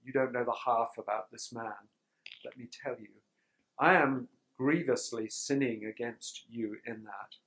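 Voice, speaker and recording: A man giving a conference talk to pastors in a sermon tone, measured and reflective, often pausing to clear his throat. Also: mid-range voice, fairly even intonation, a bit bright, low-quality recording. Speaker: speaker teaching pastors on forgiveness.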